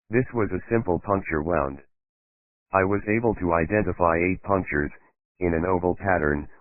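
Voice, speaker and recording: A man narrating a crime novel in a steady, even-paced reading. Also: low-pitched, no echo. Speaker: audiobook narrator. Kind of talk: scripted narration. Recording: tinny phone-like dry sound.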